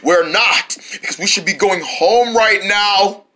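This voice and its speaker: A woman voicing an anxious male turtle who frets constantly and rushes his warnings. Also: mid-range voice, bright, forceful tone, pitched below the performer's own voice. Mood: worried.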